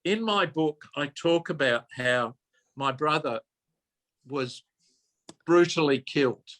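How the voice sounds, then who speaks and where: Slow-talking older man. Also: on the high side, fairly bright tone. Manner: earnest, repeats himself, self-interrupting. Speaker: minister giving a talk. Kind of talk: personal storytelling talk.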